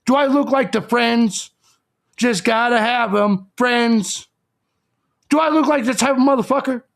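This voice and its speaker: High, gravelly-voiced man ranting crudely. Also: a little slow. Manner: crude, combative, lecturing the audience. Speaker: live show host. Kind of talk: live-stream rant.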